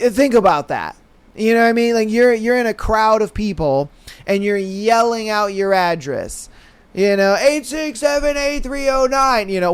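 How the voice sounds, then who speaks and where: A young man with a high, smooth voice hosts his podcast in loose, slangy commentary, blunt and animated. The recording is dry and close to the mic. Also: no room sound. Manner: animated, slangy and blunt, with frequent laughs and "you know what I mean". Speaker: podcast host. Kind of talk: casual solo podcast commentary.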